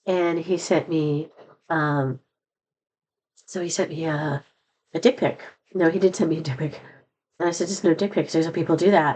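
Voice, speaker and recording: A woman's voice: low voice, steady tone, moderate pace, a little mellow, breathy edge, rough recording. Woman vlogger, middle-aged, rambling confessional talk, sad and candid, slightly worn voice. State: voice not at full strength after being sick. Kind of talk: personal vlog monologue.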